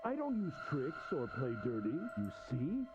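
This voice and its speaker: An actor playing a sadistic, mocking gentleman captor in a video game, with a theatrical, sneering delivery. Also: on the high side, huge pitch swings, normal speed, lo-fi sound, music in the background.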